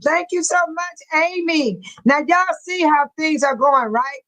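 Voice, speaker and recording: Woman, high voice, chatty livestream host, laughs a lot. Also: measured pace, a bit bright, poor audio. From Texas. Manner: laughs often, talks straight to viewers. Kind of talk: casual livestream commentary.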